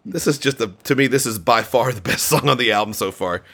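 A man co-hosting a casual album discussion, enthusiastic and halting, full of fillers and restarts. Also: mid-range voice, fairly bright tone. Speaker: podcast co-host reviewing an album.

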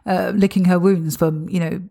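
Earnest low-voiced woman telling her story. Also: fairly even intonation, normal speed, creaky, dark tone. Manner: reflective, earnest, with frequent "you know" and repeated words. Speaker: podcast host. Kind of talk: personal storytelling monologue.

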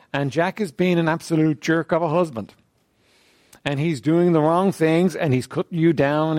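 A man leading a church group in a conversational talk on faith, asking questions of the group and often clearing his throat. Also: on the high side, no room sound, clean studio sound.

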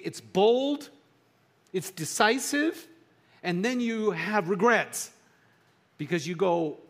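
Pastor guy, middle aged, kinda high voice, talks to the crowd casual then gets all emphatic. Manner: conversational, animated preaching with rising emphasis. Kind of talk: sermon.

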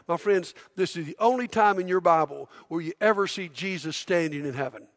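A middle-aged man preaching a sermon in a church, energetic and conversational, prompting the congregation. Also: sits high, fairly quick. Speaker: pastor. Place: church auditorium. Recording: long hall reverb.

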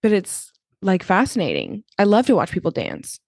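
A woman co-hosting a casual podcast, her voice at a middle pitch. She rambles and bounces between topics, filling the gaps with ums. The sound is close-miked and dry. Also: huge pitch swings, normal speed, a little mellow, no room sound. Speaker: podcast co-host. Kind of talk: casual chat.

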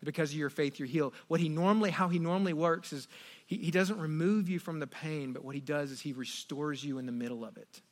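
A middle-aged man preaching a sermon, telling a family story with animated swings from hushed asides to loud exclamations. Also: on the high side, a little fast. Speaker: pastor.

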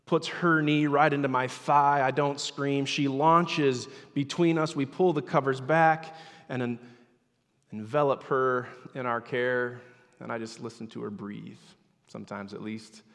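A man in his thirties preaching a sermon, swinging between loud, emphatic passages and hushed, near-whispered ones. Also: medium pitch, steady tone, measured pace. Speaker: pastor. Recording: long hall reverb.

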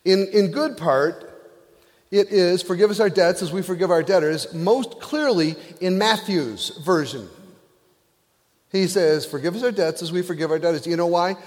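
A man's voice: sits high, normal speed, in a large hall. A male pastor preaching a sermon, retelling a parable with playful asides.

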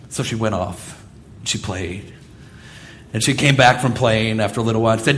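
A man preaching a sermon as pastor, telling stories with lively, acted-out quotes. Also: medium pitch, a little fast. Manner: animated storytelling, acting out quoted voices.

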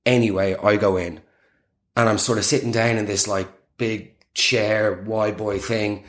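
A man's voice: on the low side, fairly even intonation, unhurried, fairly bright tone. A young man telling a rambling, self-deprecating comic story in casual chat, full of fillers.

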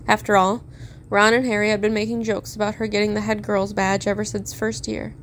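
A woman narrating a story aloud in a steady, measured reading. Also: mid-range voice, slight background noise. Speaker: fan fiction reader.

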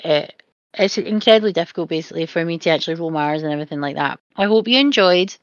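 Low-voiced Scottish woman reading verse. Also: fast, no room sound, dull audio. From Scotland. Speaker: podcast host. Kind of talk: podcast poetry reading and sign-off.

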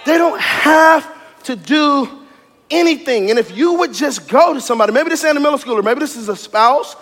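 High-voiced man preaching loudly in a hall. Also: normal speed. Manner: loud, animated, joking and emphatic preaching. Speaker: pastor. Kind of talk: sermon. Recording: long reverb of a large hall.

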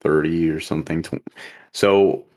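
Deep voiced dude on a gaming podcast, chill and agreeable. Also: male voice, steady tone, a little slow, darkish tone. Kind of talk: casual gaming podcast chat.

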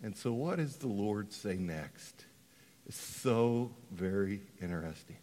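Animated preacher with big dynamic swings. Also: male voice, lowish voice, slow pace, big-room sound. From Western Colorado. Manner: dramatic, swings from hushed to shouting. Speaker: pastor. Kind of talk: sermon.

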